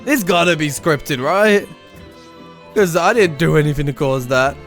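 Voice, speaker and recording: A man's voice: on the high side, a little slow, a bit bright, faint music behind. A man streaming a video game, chatting casually with loose, profane asides, laughing and muttering as he reads the game's lines aloud.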